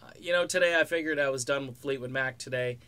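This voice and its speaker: A man's voice: mid-range voice, fast talker, sharp tone, clean tone. A middle-aged man giving casual, rambling commentary on music news with sarcastic jokes and asides.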